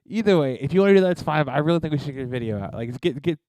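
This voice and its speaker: Fast-talking, eager podcast guy. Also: on the high side, animated, darkish tone, no room sound. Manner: eager, persuasive, says "dude" a lot. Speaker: podcast co-host. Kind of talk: casual chat.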